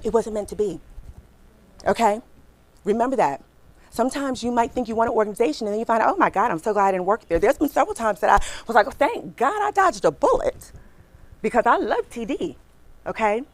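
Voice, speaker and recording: Fast-talking, animated woman recruiter. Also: fairly high pitch. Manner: fast-talking, animated, chatty, asks the audience questions. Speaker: recruiter giving a career workshop. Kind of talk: lively workshop talk to an audience.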